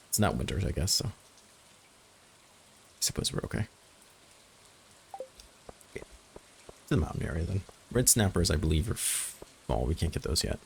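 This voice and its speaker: A man's voice: deep voice, creaky, a little hiss or hum. A man casually commentating a farming game as he plays, thinking aloud and dropping dry, self-mocking jokes. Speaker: gaming channel host. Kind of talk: casual let's-play commentary.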